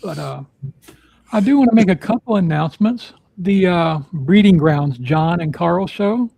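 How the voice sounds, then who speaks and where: Gravelly, high-pitched male podcast host. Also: expressive, measured pace, dark tone, no room sound, low-quality recording. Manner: rambling, filler-heavy announcements. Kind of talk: casual live podcast chat.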